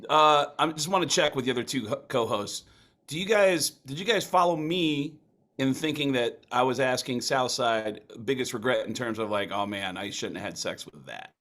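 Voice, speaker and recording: A man's voice: medium pitch, normal speed, a bit bright. A man hosting a podcast, chatting casually, laughing easily and asking follow-up questions. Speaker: podcast host. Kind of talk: casual chat.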